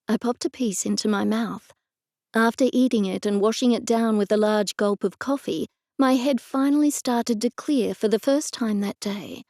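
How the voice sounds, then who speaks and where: A woman narrating a cozy mystery audiobook in the first person, measured and even. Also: fairly high pitch, no echo, clean studio sound.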